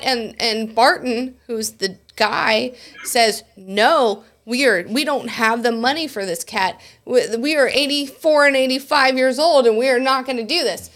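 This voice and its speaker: A woman's voice: a little high, measured pace, fairly bright tone. A woman co-hosting a podcast, telling a news story in a loose, profane, laughing way. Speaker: podcast co-host.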